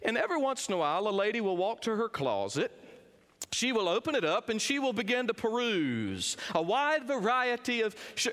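A middle-aged man preaching a sermon, swinging between quiet, low lines and raised, emphatic ones. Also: big pitch swings, a little fast. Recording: long reverb of a big hall.

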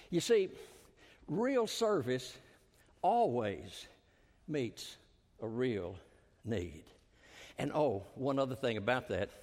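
A man preaching a sermon as a pastor, swinging his voice up for emphasis and dropping it low and slow at the ends of phrases. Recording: long hall reverb.

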